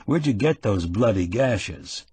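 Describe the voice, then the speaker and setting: A man voicing a shrewd, avuncular middle-aged man who speaks steady and probing, in an audiobook. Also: on the low side, a little slow, breathy edge, heavily acted. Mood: stern concern.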